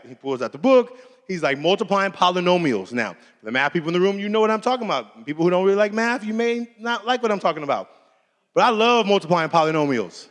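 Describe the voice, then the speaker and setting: A keynote speaker with a high, quick voice tells a personal story in a casual, conversational style. He's animated and acts out the dialogue in different voices, and the recording carries a long hall reverb.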